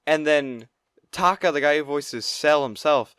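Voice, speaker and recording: Male podcast co-host, slightly raised pitch, dry close sound, excitable rambling storyteller who swears. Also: unhurried, clean tone, no echo. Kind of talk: casual chat, storytelling.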